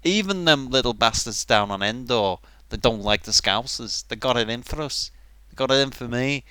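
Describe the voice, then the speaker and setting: A man's voice: mid-range voice, moderate pace, pushed and bright, clean tone, no echo, close to an everyday voice. A man voicing an aggrieved, paranoid Liverpool man with a Liverpool accent, ranting in rhetorical questions.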